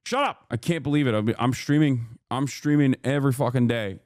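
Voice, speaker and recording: A man's voice: mid-range voice, a little fast, darkish tone, no echo. A man in his thirties hosting a livestream, ranting in a heated, profane way with lots of fillers into a studio microphone. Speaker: livestream host. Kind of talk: casual stream chat. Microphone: studio microphone through a mixer.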